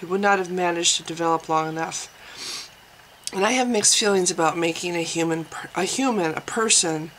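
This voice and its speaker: A woman's voice: lowish voice, normal speed, a bit bright, slight background noise, low-quality recording. A woman vlogger giving casual spoken commentary, thinking aloud with frequent restarts and hesitations.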